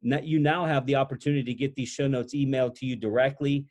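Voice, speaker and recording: A man's voice: mid-range voice, fairly even intonation, fast, a little mellow. A man hosting a podcast, talking in an encouraging, motivational way as he wraps up an interview. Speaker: podcast host. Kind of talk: interview and show sign-off.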